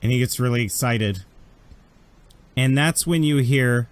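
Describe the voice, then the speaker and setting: A man narrating as game master of a tabletop game, telling it in a lively way with frequent laughs. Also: mid-range voice, a little slow.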